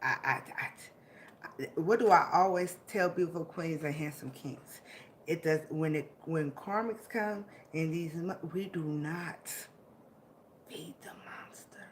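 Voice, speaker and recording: A woman's voice: low-pitched, unhurried, a little hiss or hum. A woman vlogger giving an emotional, motivational monologue, laughing often and swearing as she hypes up her listeners.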